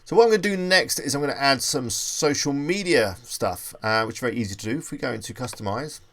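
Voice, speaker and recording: A man's voice: medium pitch, lively intonation, fast, a bit bright. A man presenting a screen-recorded web design tutorial, casually thinking aloud as he clicks through each step. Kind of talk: screen-recorded software walkthrough.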